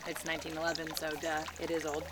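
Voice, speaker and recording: A woman's voice: low-pitched, completely flat delivery, quick pace, noisy background. A chatty woman, talking casually in a home vlog. She giggles often and breaks off to talk to her pets. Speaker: vlogger. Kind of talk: casual chat reading old postcards aloud.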